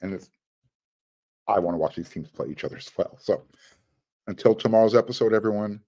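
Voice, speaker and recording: A man hosting a sports podcast, talking casually and excitedly as he runs through lineups. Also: on the low side, brisk, highs cut off. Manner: excited, rattles off names. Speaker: podcast host.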